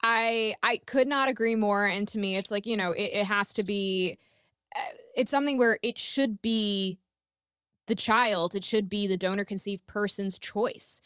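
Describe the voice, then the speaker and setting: A woman hosting a podcast in casual conversation, animated and blunt, swearing freely as she talks. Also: medium pitch, a little slow, clean tone, no room sound, studio quality. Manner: animated, swears freely, jumps between thoughts. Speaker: podcast host.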